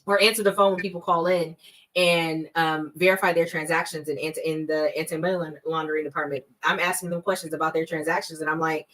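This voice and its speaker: Low-voiced woman giving emphatic advice. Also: level tone, fairly bright tone, poor audio. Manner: emphatic, acts out scam calls in quick bursts. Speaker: fraud prevention guest expert. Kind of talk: conversational podcast advice.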